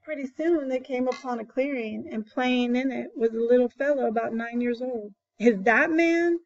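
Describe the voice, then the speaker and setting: A woman, a teacher, reading a folk tale aloud in a steady, expressive way. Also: on the high side, normal speed, highs cut off.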